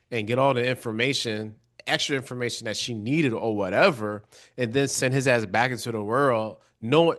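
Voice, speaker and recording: A man co-hosting a casual TV recap podcast, talking in an animated way with frequent restarts and repeated words. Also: medium pitch. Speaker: podcast co-host.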